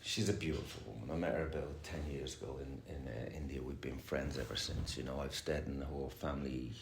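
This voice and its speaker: A man's voice: extremely low pitch, steady tone, a little fast, vocal fry. A middle-aged man giving a rambling, candid and heavily profane personal share at a recovery meeting. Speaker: speaker sharing at a recovery meeting. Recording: echoey room with faint noise.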